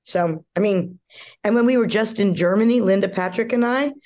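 A woman's voice: medium pitch, moderate pace, a little mellow. Chatty older woman telling stories. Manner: chatty, rambling anecdotes with frequent laughs and restarts. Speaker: guest actress. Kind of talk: storytelling interview.

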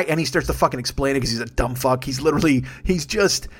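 A man's voice: on the high side, a bit bright. A man who is a comedian hosting his podcast, ranting furiously and profanely. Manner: profane, furious, rapid-fire. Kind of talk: angry comedic rant.

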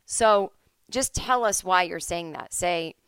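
A woman's voice: on the low side, slow, fairly bright tone, smooth, no echo, studio quality. A woman hosting a podcast from home, telling comic stories in a casual monologue and acting out the people she quotes in shifting voices. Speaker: podcast host.

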